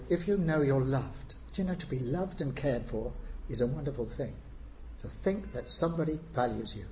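A man preaching a sermon, unhurried, with frequent pauses and rising emphasis on key phrases. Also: medium pitch, darkish tone, slight background noise.

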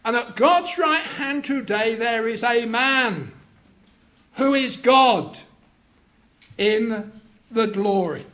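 Preacher guy, high voice, slow and emphatic, jokey asides. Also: animated, pushed and bright. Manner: deliberate, emphatic, joking with the audience. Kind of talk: sermon.

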